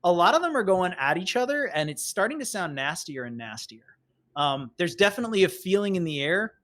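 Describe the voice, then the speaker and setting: Chatty, higher-voiced male game master. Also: a little fast. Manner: rambling, filler-heavy, animated. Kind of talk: narrating a tabletop game.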